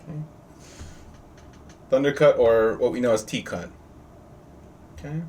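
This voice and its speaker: A man leads a live online class in a chatty, joking way, tossing questions to his students as he goes. His voice sits at an ordinary middle pitch. He sounds set back from the microphone, with a faint hiss of noise underneath. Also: a little slow, a little mellow. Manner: chatty, jokey, quizzes the class. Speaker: trading teacher. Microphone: video call. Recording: distant mic with faint noise.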